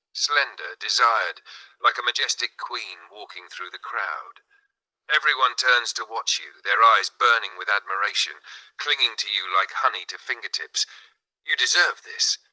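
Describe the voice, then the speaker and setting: A man voicing a seductive male tempter spirit, in a soft, breathy whisper. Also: on the low side, animated, a little slow, heavily acted, poor audio. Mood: coaxing.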